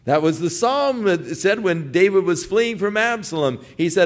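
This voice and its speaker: A man's voice: high voice, animated, normal speed. An older man and grandfather preaching a sermon, telling stories and acting out pleading voices as he speaks. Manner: storytelling, acts out pleading voices.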